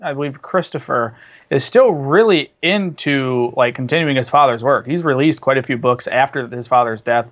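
A man's voice: mid-range voice, moderate pace, fairly bright tone. Chatty man on a dull, lo-fi recording. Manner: chatty, rambling, many fillers and restarts. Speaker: podcast co-host. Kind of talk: casual chat about movies and TV.

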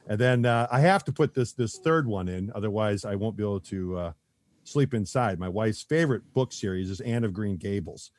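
A man's voice: fairly low pitch, normal speed, a little mellow, no room sound. A man chatting as a podcast guest, rambling with lots of fillers and restarts and chuckling often. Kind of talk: casual podcast chat.

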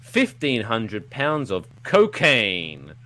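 Animated low-voiced man telling a story. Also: extremely slow. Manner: animated, rambling, playful sound effects. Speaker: podcast host. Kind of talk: casual storytelling, live podcast. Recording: live show with audience.

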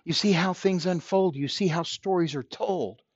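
A man's voice: high voice, moderate pace, husky, dry recording, lo-fi sound. Earnest man giving a motivational talk. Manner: earnest, repeats phrases for emphasis. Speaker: podcast host. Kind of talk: motivational monologue.

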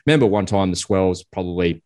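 An Australian man recalls his Navy days in a relaxed, vivid way. His voice is very low and deep, and the talk stays easygoing. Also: brisk, dry recording, studio quality. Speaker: Navy veteran. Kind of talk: casual storytelling chat.

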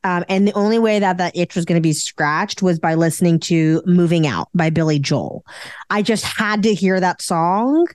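A woman's voice: fairly low pitch, normal speed, a little mellow, no echo, studio quality. A woman co-hosting a podcast, chatting casually and rambling with lots of fillers. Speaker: podcast co-host. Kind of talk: casual chat.

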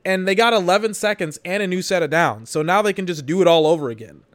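A man's voice: sits high, quick pace. A man giving rambling, exasperated commentary while he watches a football game for his podcast, swearing now and then. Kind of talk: live watch-along commentary.

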